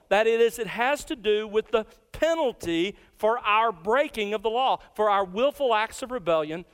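A man preaching an expository sermon, slowing down to stress key words. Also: sits high, fairly bright tone, smooth, in a large hall.

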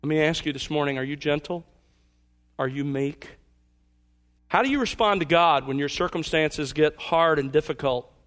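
A man preaching as pastor, earnest, asking his listeners pointed questions and slowing down for emphasis. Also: on the high side, a bit bright. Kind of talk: sermon.

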